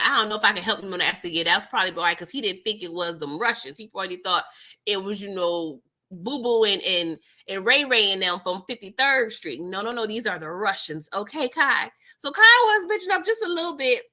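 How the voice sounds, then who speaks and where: Animated, bright-voiced woman recapping a show. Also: mid-range voice, moderate pace. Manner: animated, slangy, acts out characters' lines. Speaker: TV recap host. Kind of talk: casual livestream recap chat.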